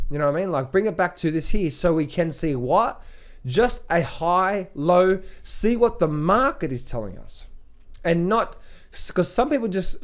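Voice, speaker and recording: A man speaking casually to the camera as a trading coach. He talks in an energetic, motivational way, with frequent restarts and repetition. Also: fairly high pitch. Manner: rambling, repetitive, lots of fillers and restarts.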